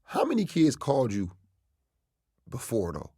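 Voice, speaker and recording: Husky man with a lively, animated voice. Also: mid-range voice, unhurried, no room sound, studio quality. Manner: interjecting, asks pointed questions. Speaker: guest. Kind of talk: casual podcast chat.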